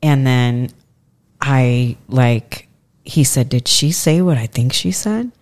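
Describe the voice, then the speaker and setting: Speaking slowly in a very deep voice, a woman in her forties recounts a long personal story during a casual podcast conversation. She's animated, acting out the quoted lines of other people.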